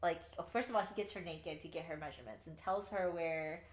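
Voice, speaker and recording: A woman co-hosting a podcast, chatting casually about a book, animated and swearing as she acts out the characters' lines. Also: lowish voice, fairly quick, roomy sound. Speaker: podcast co-host. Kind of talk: casual book review chat.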